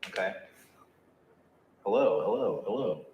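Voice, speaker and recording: Playful low-voiced man clowning on a mic. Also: expressive, measured pace, darkish tone, reverberant, rough recording. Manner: playful, joking, goofy mic-test noises. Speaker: podcast co-host. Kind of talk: casual podcast chat.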